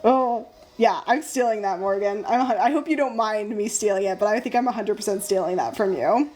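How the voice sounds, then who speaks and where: A young woman hosting a casual live stream, chatting with viewers while she draws, bubbly and easily excited. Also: medium pitch, a little fast. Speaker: live-stream host and sticker artist.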